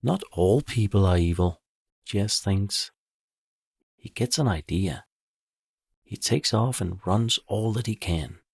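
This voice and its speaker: A man calmly narrating a bedtime story for children in a measured way. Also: fairly low pitch, gravelly, slightly rough, no echo, clean studio sound.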